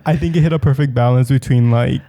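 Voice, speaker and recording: Gravelly young man chatting casually. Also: mid-range voice, fast talker, warm tone. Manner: rambling, filler-heavy storytelling. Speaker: podcast co-host. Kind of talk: casual chat.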